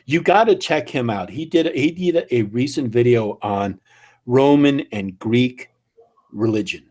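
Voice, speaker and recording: American man with a husky voice. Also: mid-range voice, expressive, unhurried, darkish tone. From United States. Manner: teasing, laughs a lot. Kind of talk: casual chat.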